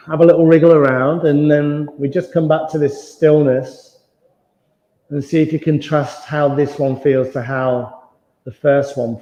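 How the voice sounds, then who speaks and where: Calm male yoga instructor in a roomy hall. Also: fairly high pitch. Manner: calm, slow, soothing cues. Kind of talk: guided yoga class instruction. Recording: dull, roomy sound with long reverb.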